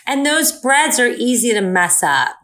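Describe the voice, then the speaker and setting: A woman in a relaxed casual chat, speaking easygoingly with frequent fillers. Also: on the high side, measured pace.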